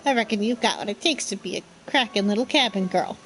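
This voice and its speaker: A woman voicing a gruff, bossy male skeleton pirate captain who talks in salty pirate slang. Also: medium pitch, a little fast, soft background music, natural voice, poor audio.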